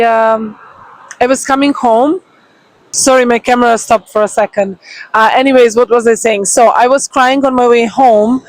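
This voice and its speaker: A woman talking casually and excitedly to her phone camera on a beach at sunrise, full of "like" and "you know". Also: on the high side, no echo, low-quality recording. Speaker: vlogger. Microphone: phone propped on the beach.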